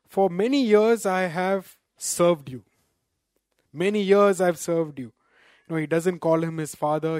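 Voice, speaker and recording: A man delivers a sermon in a slightly high voice, recorded dry and close. He slows down to quote scripture and keeps checking in with his listeners through rhetorical "right?" asides. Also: darkish tone, no room sound. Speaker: preacher.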